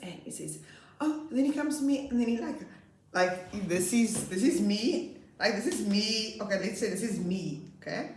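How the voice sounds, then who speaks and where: Animated woman telling classroom stories. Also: moderate pace, a little hiss or hum. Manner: animated, laughs often, acts out her pupils in high voices. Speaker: grade 2 teacher. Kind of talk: casual storytelling vlog. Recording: roomy echo, slightly far from mic.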